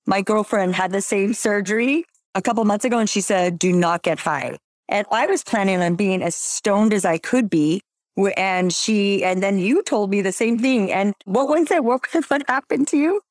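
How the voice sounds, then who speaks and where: A woman's voice: mid-range voice, normal speed, no echo, studio quality. A woman hosting a casual chat, chatty and laughing often. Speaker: podcast host.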